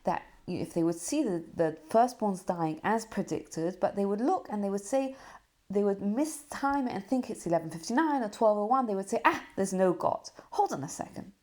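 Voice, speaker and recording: A woman hosting a podcast, giving a Torah lesson as a story, full of rhetorical questions and soft dips for emphasis. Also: medium pitch, expressive, normal speed. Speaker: podcast host and Torah teacher.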